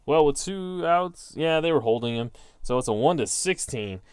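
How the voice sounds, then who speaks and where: A man's voice: fairly high pitch, animated, moderate pace, darkish tone, a little hiss or hum. A man hosting his own channel, calling a tabletop baseball simulation play by play. He reads out each dice result, then narrates it like a broadcaster, with the odd self-deprecating aside. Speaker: host.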